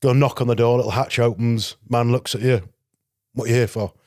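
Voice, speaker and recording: A man's voice: mid-range voice, steady tone, fairly quick, darkish tone, no echo, studio quality. A man from North Yorkshire with a Yorkshire accent, a podcast guest telling stories of his past in a chatty, anecdotal way and acting out quoted exchanges. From North Yorkshire, England. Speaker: guest, former legionnaire. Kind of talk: casual storytelling interview.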